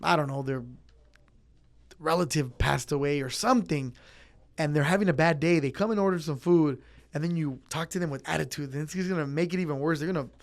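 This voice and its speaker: Easygoing man, a bit high-voiced. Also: a little fast. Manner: easygoing, acts out customer chats. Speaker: pizza place worker. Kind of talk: casual interview answers.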